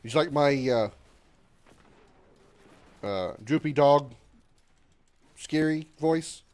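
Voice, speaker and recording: Drawing out his words in a somewhat high, slightly mellow voice, this man in his thirties streams a video game live. He's chatty and profane, reading his viewers' messages aloud, joking around, and leaning on lots of fillers.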